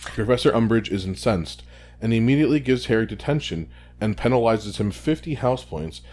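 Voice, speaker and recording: A man co-hosting a relaxed podcast, his voice pitched somewhat low. He sums up a book chapter in a laid-back, joking way. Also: brisk. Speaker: podcast co-host. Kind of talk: casual chat, summarizing a book chapter.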